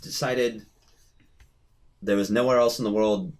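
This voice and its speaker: A man's voice: on the low side, fairly even intonation, unhurried, lightly acted. A man voicing a cheerful old woman, a retired adventurer turned hermit druid, with a folksy, rambling, hospitable manner. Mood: reminiscing. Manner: warm, folksy, rambling hostess.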